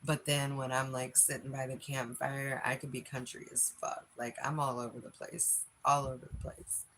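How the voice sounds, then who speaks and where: A woman's voice: extremely low pitch, flat delivery, moderate pace, a bit bright, a little hiss or hum, poor audio. A woman in her late forties with a Philadelphia accent, chatting frankly on a livestream, reading comments and laughing often. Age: 40s. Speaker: livestream host.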